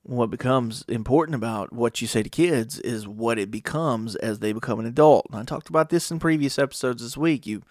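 A man's voice: mid-range voice, brisk, hardly any pauses, dry recording, studio quality. A middle-aged man hosting a casual podcast monologue, rambling and wry, often acting out other people's voices. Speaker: podcast host.

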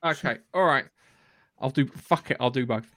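Bloke on a podcast, quick and teasing, swears a bit, dry close mic. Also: male voice, medium pitch, a bit bright, dry recording. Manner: brisk, teasing, swears casually. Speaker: podcast co-host. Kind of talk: casual chat.

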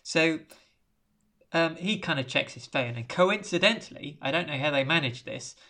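A man's voice: a little high, expressive, moderate pace, sharp tone. A man on a casual podcast, retelling a film's plot in a rambling way and acting out quotes. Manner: rambling storyteller, acts out quotes. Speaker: podcast co-host recapping a film. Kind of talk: casual chat.

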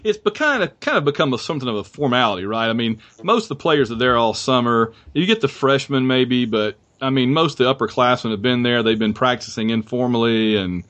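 A man's voice: mid-range voice, animated, brisk, hardly any pauses, a bit bright. A man hosting a podcast and chatting casually about college football in a rambling, restarting way. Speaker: podcast host. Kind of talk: casual sports chat.

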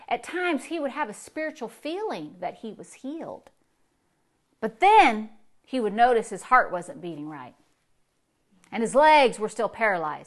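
A woman pastor delivering a sermon, telling a story in a voice that drops low and then rises with emphasis. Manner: storytelling preacher, swings from hushed to emphatic.

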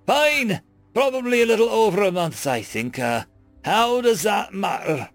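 A man voicing an exasperated, sly male starship captain who shouts in irritation. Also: high voice, sing-song, moderate pace, no room sound, faint music behind, pitched above the performer's own voice.

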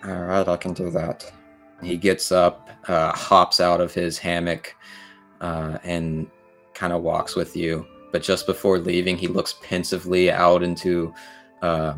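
A man runs a tabletop game with a casual, rambling narration. His voice is very low and relaxed, with faint music underneath. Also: measured pace. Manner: casual, filler-heavy, laughing narration. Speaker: game master.

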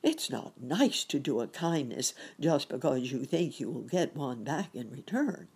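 A woman reading aloud gives voice to a jolly old rabbit gentleman from a children's storybook. He speaks gently and cheerfully, with a slightly husky tone. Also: rumbling low, sing-song, unhurried, heavily acted.

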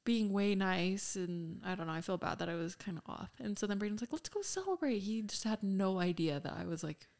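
A woman's voice: mid-range voice, fairly even intonation, fairly quick, vocal fry, few pauses, darkish tone. A young woman co-hosting a podcast, telling a personal story in casual chat, full of fillers. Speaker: podcast co-host.

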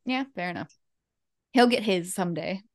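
A woman's voice: on the low side, lively intonation, normal speed. A woman hosting a podcast in casual chat, upbeat and wry, laughing often. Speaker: podcast host.

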